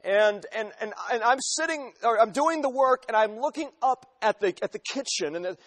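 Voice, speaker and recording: A man's voice: very high voice, lively intonation, moderate pace, a bit bright. A man in his forties preaching a sermon, telling illustrations emphatically and repeating phrases for weight. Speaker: pastor.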